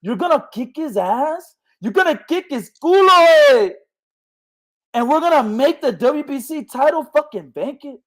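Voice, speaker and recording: A conspiratorial boxing official who talks low and coaxing, dropping Spanish slang into every sentence, as a man puts him on. The voice stays hushed and scheming throughout. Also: expressive, moderate pace.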